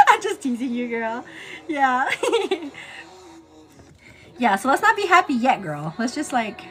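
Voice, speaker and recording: A woman's voice: sits high, sing-song, measured pace, fairly bright tone. A woman hosting a casual morning livestream, chatty and teasing, laughing often and calling her viewers "girl". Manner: laughs often, teasing then turning earnest. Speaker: livestream host. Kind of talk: casual chat on a morning get-ready livestream.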